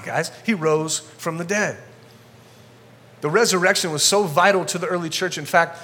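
A man's voice: on the high side, fairly bright tone. Fired-up conversational male pastor. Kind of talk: sermon. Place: church in front of a congregation.

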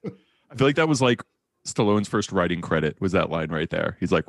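Male podcaster, low voice, dry close mic, sarcastic wit. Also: expressive, normal speed, no room sound. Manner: sarcastic, wry. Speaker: podcast co-host. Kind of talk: casual movie discussion.

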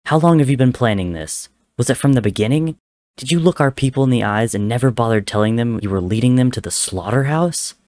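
A man voicing a furious, grief-stricken teenage boy who shouts and sobs. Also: sits low, measured pace, hardly any pauses, no room sound, studio quality. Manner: shouting and sobbing.

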